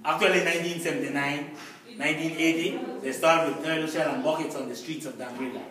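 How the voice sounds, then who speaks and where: A man's voice: a little high, fairly even intonation. Man teaching from far off in an echoey room. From Belize. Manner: explains slowly, repeats words for learners. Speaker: guest teacher. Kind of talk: classroom teaching of vocabulary. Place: classroom with a group of learners. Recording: echoey classroom, mic far off. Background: class chatter.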